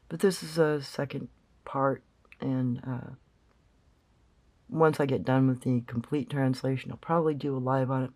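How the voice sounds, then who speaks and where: A man's voice: medium pitch, a little mellow. A man explaining a recording in casual commentary, rambling and thinking aloud with many fillers. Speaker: channel host.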